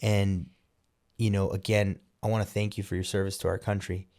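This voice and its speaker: A man's voice: deep voice, flat delivery, normal speed, darkish tone. A man hosting a podcast interview, talking in a casual, emphatic and opinionated way, often restarting his sentences. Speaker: podcast host.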